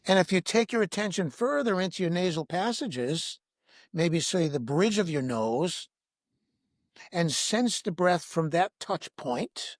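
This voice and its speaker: A man guiding listeners through a breath-awareness meditation in a slow, soothing, instructive way, asking repeated gentle questions. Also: sits high, expressive, no room sound, studio quality. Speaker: breathwork teacher, podcast guest.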